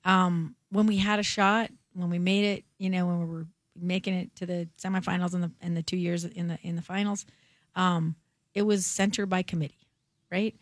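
A woman with a hoarse voice from a cold, a sports writer chatting as a guest, halting and restarting often. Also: lowish voice, little pitch movement, no echo, studio quality. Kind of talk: casual chat.

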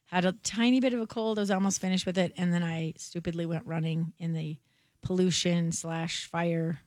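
A woman with a hoarse voice from a cold, a sports writer chatting as a guest, halting and restarting often. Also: lowish voice, fairly even intonation, a little mellow, no echo, studio quality. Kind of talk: casual chat.

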